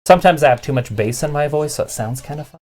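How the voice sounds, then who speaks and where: A man's voice: a little high, quick pace, darkish tone. A man co-hosting a casual wrestling watch-along stream, talking through his audio setup and reacting to matches, recorded on a studio mic with a pop filter. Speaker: stream co-host.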